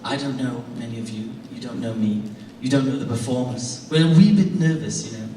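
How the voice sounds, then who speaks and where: A man's voice: medium pitch, a little fast, warm tone. A young man from Brazil emceeing a live stage show, playful and chatty with the audience. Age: young adult. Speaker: stage presenter. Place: performance hall with a live audience. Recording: roomy hall, distant mic, background noise.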